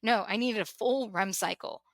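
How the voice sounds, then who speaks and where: Bright-voiced woman, candid and emotional. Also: medium pitch, normal speed, no room sound. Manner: emotional, repeats words, laughs wryly. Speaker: podcast host. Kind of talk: candid personal conversation.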